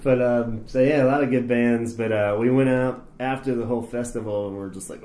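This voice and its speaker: A man's voice: medium pitch, a little fast, few pauses, mellow, echoey room. A man co-hosting a podcast, telling a long story in casual chat, swearing and laughing often. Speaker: podcast co-host.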